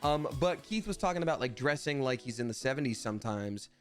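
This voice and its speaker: A man's voice: medium pitch, animated, fairly quick, soft background music. A man streaming live, chatting casually in a playful, rambling way and reading viewers' names aloud. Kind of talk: casual livestream chat.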